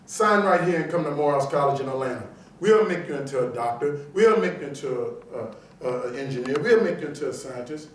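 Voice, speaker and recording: Speaking at a quick pace in a slightly high voice, a New Orleans-accented man from New Orleans, USA, gives a motivational keynote in a large auditorium, playing out his stories' characters with animation. The distant, echoey recording carries slight background noise.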